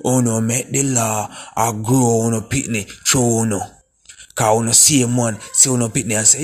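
A man's voice: medium pitch, steady tone, normal speed, darkish tone. A man with a Jamaican accent delivering a profane, preachy, repetitive ranting monologue.

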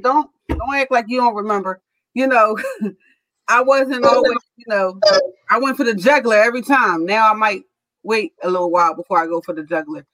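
A guest on a podcast speaking earnestly to school leaders, pausing often with "you know" and restarting phrases. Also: mid-range voice, a bit bright, dry recording, low-quality recording. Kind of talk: casual podcast chat.

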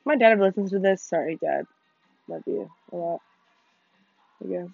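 A teenage girl co-hosting a podcast, chatting casually while playing a video game, excitable, swearing a lot and laughing often. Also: lowish voice, moderate pace, vocal fry, dry recording, soft background music. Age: teens. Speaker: podcast co-host. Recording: muffled lo-fi recording.

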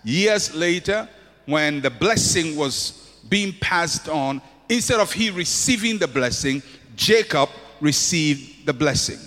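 A man's voice: fairly high pitch, animated, takes it slowly, sharp tone. A man preaching a sermon with an impassioned, repetitive cadence in a church hall. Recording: long hall reverb.

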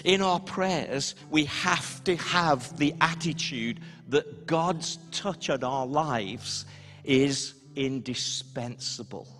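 A man preaching a sermon as a pastor, leading the congregation in repeat-after-me prayers with slow, emphatic delivery. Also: fairly high pitch, fairly bright tone, big-room sound. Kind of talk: sermon with call-and-response prayer. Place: church hall, live-streamed service.

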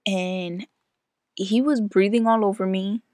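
A young woman chats with her co-host, voice at an everyday middle pitch and close and dry on the mic. She tells stories in an animated, rambling way, dotting her sentences with "like". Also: unhurried, no room sound. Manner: chatty, animated storytelling with many "like"s. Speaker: podcast co-host. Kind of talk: casual chat.

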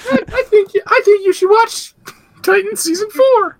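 A man voicing a friendly goofy cartoon gummy gator in a very high squeaky voice, cheery and sing-song. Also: moderate pace.

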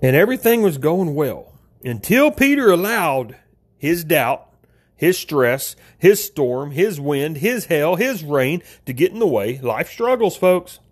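A man delivers a casual, conversational sermon and calls his listeners folks. His voice sits a little high for a man, and his pitch leaps up and drops low as he tells the story. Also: big pitch swings, unhurried, husky. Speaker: preacher. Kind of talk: informal sermon.

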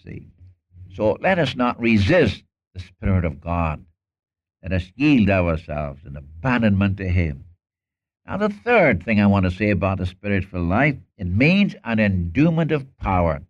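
A man preaching in an earnest, pleading manner, his voice sitting a little low. He breaks into acted Bible dialogue as he goes. The recording sounds dull and lo-fi. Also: sing-song, measured pace. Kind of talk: sermon.

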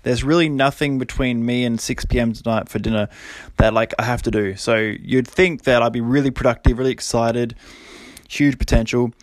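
Speaking at a moderate pace in a steady, medium-pitched voice, a man in his thirties runs his own podcast over a dry recording. His solo talk is casual and rambling, mixing self-deprecation with motivation and plenty of laughter.

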